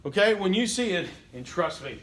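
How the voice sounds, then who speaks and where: A man's voice: sits high, very animated, moderate pace, a bit bright, a little hiss or hum. A man teaching a college class in a casual, conversational lecture, often checking in with "okay?" and acting out what listeners might be thinking. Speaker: college instructor.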